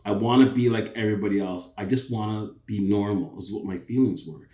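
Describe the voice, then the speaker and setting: A man's voice: on the low side, brisk, dark tone, lo-fi sound. Reflective Canadian-accented man, roomy sound. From England. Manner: reflective, with frequent restarts. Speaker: guest. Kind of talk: casual interview conversation.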